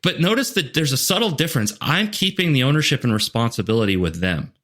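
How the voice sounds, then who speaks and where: A man's voice: medium pitch, animated, fast talker, a bit bright. A man speaking as a leadership coach and podcast guest, talking earnestly and acting out what other people say. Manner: earnest, storytelling, many "like" and "you know" fillers; voices quoted people in asides. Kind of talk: conversational podcast interview.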